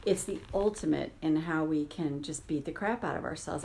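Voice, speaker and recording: Woman, coaching talk, casual live stream, lowish voice, faint background noise, webcam sound. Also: moderate pace, gravelly, hardly any pauses, darkish tone. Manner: casual, chatty, greets viewers by name. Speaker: tapping coach. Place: cousin's house, gardeners outside.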